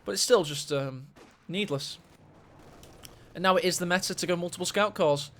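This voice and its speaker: A man casting a strategy game match, excitable and quick to gasp at big plays. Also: high voice. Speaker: esports caster. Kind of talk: live game commentary.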